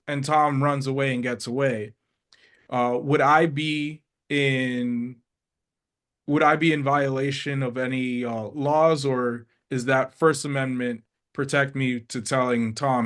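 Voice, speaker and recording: A man hosting an interview, asking long questions slowly and hesitantly with many fillers. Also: mid-range voice, fairly even intonation, a bit bright. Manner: slow, hesitant, lots of ums. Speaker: interview host.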